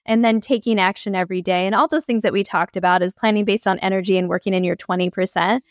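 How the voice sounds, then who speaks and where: A woman's voice: medium pitch, fairly even intonation, fast, dry recording, studio quality. A woman coach and podcast guest telling stories with energy, acting out her own inner dialogue. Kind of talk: energetic storytelling in an interview.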